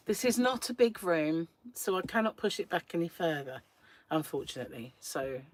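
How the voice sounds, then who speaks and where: A woman hosting a crochet livestream, chatting casually and rambling to her viewers, laughing often, from a small room at home. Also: mid-range voice. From England. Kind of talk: casual chat with live viewers.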